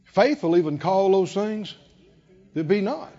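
An older man preaching a sermon, animated with frequent chuckles and slow, emphatic delivery, on a dull lo-fi recording. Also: high voice.

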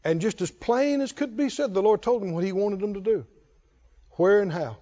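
A man's voice: high voice, normal speed, mellow. A man preaching a sermon, emphatic with call-and-response and chuckling asides, in a dull lo-fi recording.

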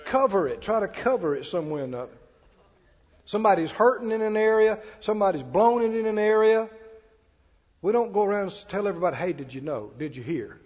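A man's voice: high-pitched, expressive, fast talker, a little mellow. A male pastor preaching a sermon in a folksy, conversational way, with chatty asides. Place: church sanctuary. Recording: dull-toned, echoey church hall.

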